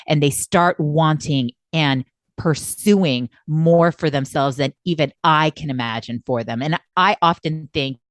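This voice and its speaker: A woman with a deep, low voice co-hosts a podcast conversation as a coach. She speaks with emphatic intensity and laughs easily. Her voice sounds close and dry, with no room around it. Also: measured pace, dry recording.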